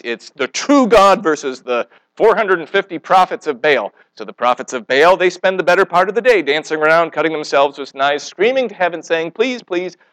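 A man preaching with a lively, swooping delivery that stays a little high for a man. He tells stories animatedly, acting out the quoted speakers. The sound is dry and close. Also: dry recording, rough recording. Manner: asks the congregation questions. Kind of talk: sermon.

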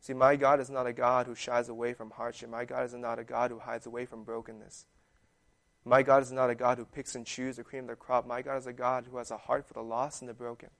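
A man's voice: mid-range voice, flat delivery, fairly quick, gravelly, fairly bright tone. A young man giving a casual, conversational sermon that is full of fillers. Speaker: preacher.

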